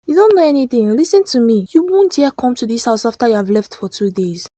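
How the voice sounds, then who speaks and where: Brief: feisty Nigerian wife, a bit high, mellow tone. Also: female voice, animated. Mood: confrontational. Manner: confrontational, quick to argue. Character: sharp-tongued young Nigerian wife. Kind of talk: cartoon voice acting.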